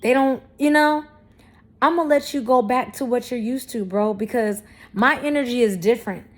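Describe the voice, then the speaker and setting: A woman's voice: on the high side, normal speed. A woman in her thirties talking candidly to camera, blunt and profane, with emphatic, self-affirming spiritual talk. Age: 30s. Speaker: vlogger.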